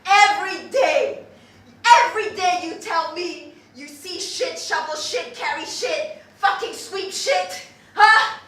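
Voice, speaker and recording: A woman playing a foul-mouthed young zookeeper rants a story in a high, sharp voice. Her talk is animated and laced with swearing. It is captured from far off in a very echoey hall with faint hiss. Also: slow, exaggerated voice. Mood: ranting. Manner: ranting, profane, animated storytelling with laughs. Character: profane, restless young zookeeper ranting a story. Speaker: stage performer. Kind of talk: theatrical monologue.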